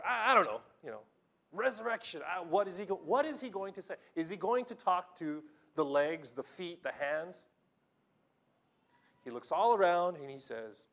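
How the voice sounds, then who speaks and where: A man preaches a sermon in an animated storytelling way, swinging from loud exclamations to near-hushed tones. His voice sits a bit high, with a lively pitch. He often fills pauses with "you know" and restarts. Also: vocal fry. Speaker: pastor.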